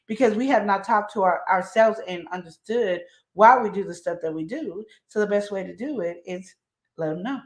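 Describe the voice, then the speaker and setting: A woman hosts a relationship advice show in an echoey room, speaking emphatically with a medium-pitched, expressive, slightly quick voice. She acts out the voices of the people she quotes.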